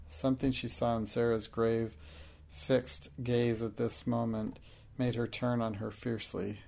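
A man narrating an audiobook in a steady, measured way. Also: mid-range voice, creaky.

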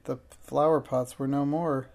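A man narrating a children's storybook in a steady, plain reading voice. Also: medium pitch, unhurried, gravelly.

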